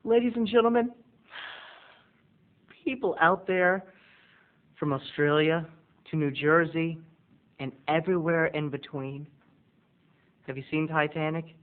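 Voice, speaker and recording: A man's voice: on the high side, steady tone, unhurried, pauses often. A male video blogger doing a campy, sarcastic comic rant to camera, on tinny lo-fi audio. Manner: campy, sarcastic ranting with mock voices.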